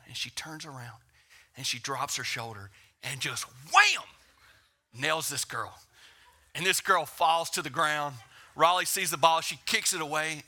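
Male pastor, 30s, bright and slightly high voice, casual storytelling sermon. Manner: conversational, animated storytelling with acted quotes and hushed whispers. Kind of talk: sermon with personal stories.

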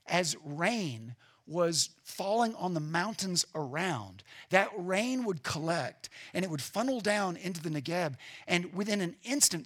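A man preaching a sermon as pastor, earnest and emphatic, at times dropping to a quiet, reflective tone. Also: sits high, very animated, unhurried, slightly rough.

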